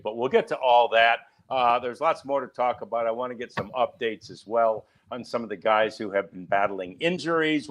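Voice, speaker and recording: A man with a middle-pitched voice hosts a casual sports podcast. He chats eagerly with his guest and steers the show between segments. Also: a bit bright. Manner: chatty, eager host who hands off to guests. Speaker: podcast host.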